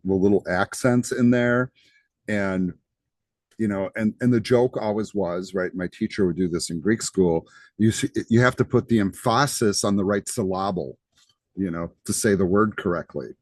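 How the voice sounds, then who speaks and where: A man's voice: low-pitched, darkish tone, no echo. A man giving a recorded college lecture, talking conversationally and checking in with the class with frequent asides. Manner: conversational, chatty, lots of "right?" asides. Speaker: college instructor.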